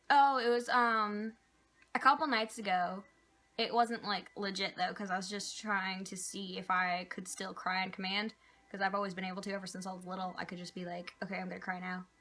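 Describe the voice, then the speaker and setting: A young woman talks casually to her viewers, rambling from one answer to the next with plenty of fillers. Her voice is bright and clear, sitting at an ordinary pitch for a woman. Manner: chatty, rambling, with many "like" and "um" fillers. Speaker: vlogger answering viewer questions. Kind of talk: casual chat.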